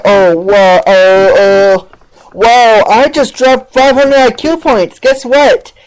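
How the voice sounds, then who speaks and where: A woman's voice: on the high side, rough recording. A woman hosting an online talk show, mocking a rival in sarcastic, exclaiming commentary. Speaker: podcast host. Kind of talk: ranting commentary on a played clip.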